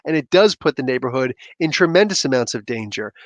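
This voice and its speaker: A man hosting a comic book review show, talking in a loose, animated and rambling way with sudden outbursts. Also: medium pitch, fairly quick, no room sound. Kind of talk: casual commentary.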